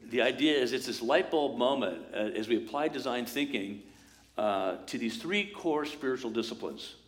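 Guy pastor giving a sermon, chatty and lively, mid pitch. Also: moderate pace. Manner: lively, conversational, acts out quoted voices.

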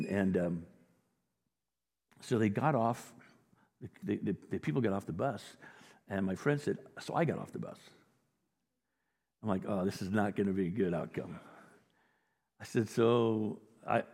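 A man with a husky, breathy voice delivers a sermon in a conversational, story-driven way, building up to emphatic points. His slightly low voice carries a long reverb tail from a large hall. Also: animated, a little slow, long pauses, darkish tone. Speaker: pastor.

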